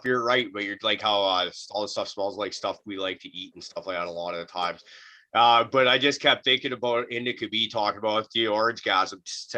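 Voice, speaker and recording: Man, lowish pitch, bright tense tone, laid-back profane casual chat. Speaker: podcast co-host. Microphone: remote voice chat.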